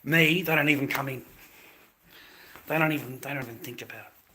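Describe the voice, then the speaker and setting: Middle-aged Australian man, foul-mouthed livestream rant, bright and forceful tone. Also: mid-range voice, brisk, a little hiss or hum. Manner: profane, blunt, talks to his chat.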